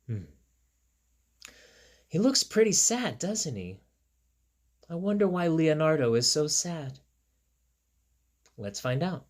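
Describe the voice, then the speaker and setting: A man reads a picture book aloud to young children, pausing for friendly asides and counting details on the page. His pitch leaps around expressively, and he takes his time. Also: big pitch swings. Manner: chatty, talks straight to young listeners; playful asides and counting along. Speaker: teacher reading to children.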